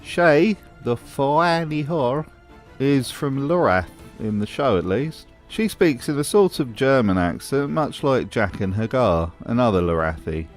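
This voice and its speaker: A man's voice: medium pitch, expressive, unhurried, faint music behind. A man delivering scripted commentary as a video host, in a dry, mocking manner.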